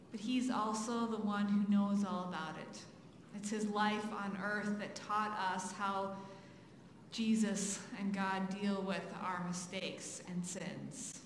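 A woman pastor speaks slowly and earnestly, closing a sermon with a prayer. Her voice rings through an echoey church sanctuary with a long reverb tail and a faint hum behind it. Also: medium pitch.

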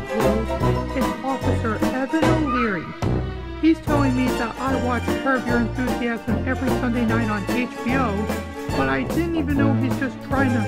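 A woman improvising a rambling skit with stuffed animals, switching between characters and chuckling. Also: on the high side. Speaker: puppeteer voicing stuffed animals.

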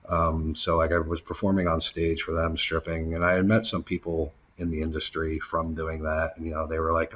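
A man with an extremely low, monotone voice speaks at normal speed, a bit bright, on lo-fi audio. As an interview guest he tells his story casually, heavy on swearing and filler, acting out the people he quotes, his voice jumping up when he gets heated.

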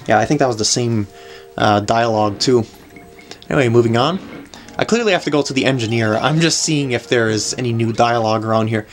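A man's voice: mid-range voice, fairly quick, slight background noise. A man giving casual gameplay commentary, chatty and laughing often. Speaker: let's play commentator.

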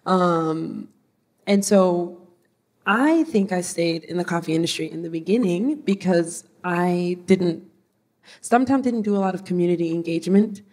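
Relaxed low-voiced woman panelist. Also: unhurried. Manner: relaxed, chatty, with fillers. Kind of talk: casual storytelling at a live panel.

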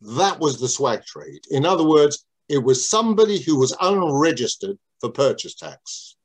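A man's voice: a little high, big pitch swings, moderate pace, slightly rough. An older man reminiscing in an interview about how he started in business, talking in a rambling, digressive way with many restarts.

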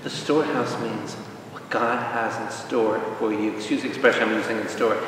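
Joking priest in an echoey hall. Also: male voice, on the low side, a little fast, recorded from a distance, background noise. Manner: jokey, lively teaching with asides and questions to the group. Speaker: priest leading a Bible study. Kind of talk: informal Bible study teaching.

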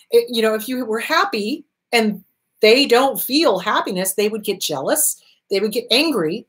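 A woman's voice: on the high side, fairly bright tone. A woman therapist hosting a talk show, answering viewer questions in an earnest, reassuring way and repeating her key points.

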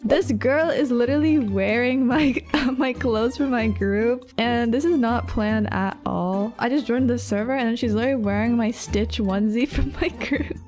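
Woman, gaming commentary, excitable, laughs a lot, fairly high voice, music playing behind. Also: normal speed, few pauses. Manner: excitable, exclaims and laughs often. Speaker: gaming YouTuber. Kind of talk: casual gameplay commentary.

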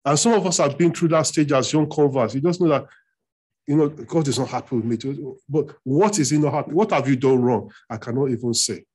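A man preaching as pastor, emphatic, repeating phrases and climbing higher on key points. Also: brisk, darkish tone, slightly rough. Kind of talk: sermon. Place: church hall.

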